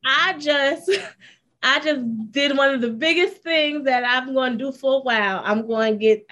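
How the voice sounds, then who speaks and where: A woman, a school counselor, talking candidly and with energy as a guest in a casual interview. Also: sits high. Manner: candid, animated storytelling with fillers.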